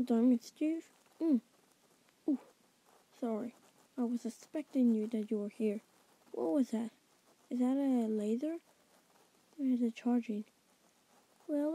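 Brief: a woman with a high, soft, dark voice, improvising halting lines for every character in a homemade stop-motion film. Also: dry recording, low-quality recording. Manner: halting and improvised, with many restarts. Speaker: maker voicing all characters.

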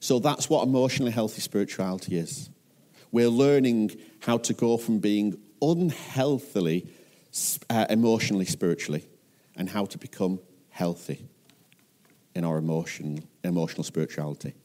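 Man, northern English accent, pastor, sermon, low mellow voice, earnest. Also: normal speed. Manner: earnest, questioning the listeners.

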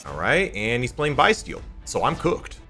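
A young man giving chatty, excitable, jokey commentary as he plays a card game. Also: medium pitch, a little slow. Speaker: YouTuber playing a card game. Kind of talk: live gameplay commentary. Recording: faint music behind.

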